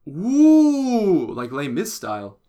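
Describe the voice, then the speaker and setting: An excitable man with an Australian accent, co-hosting a casual podcast chat, swearing often and slipping into joke voices. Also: high-pitched, takes it slowly. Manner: excitable, swears a lot, jokey put-on voices. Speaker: podcast co-host.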